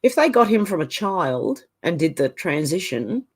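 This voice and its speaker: Woman, middle-aged, livestream host, reads out chat, quick opinionated replies, slightly low voice. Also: big pitch swings, slightly rough. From Australia. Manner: chatty, reacts to each comment with quick opinions. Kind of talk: casual chat reading out viewer comments.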